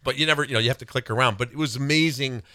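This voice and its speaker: A man's voice: mid-range voice, racing, bright, forceful tone, no echo, clean studio sound. A man co-hosting a talk show, chatting casually about sports, jumping up into quoted voices. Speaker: co-host.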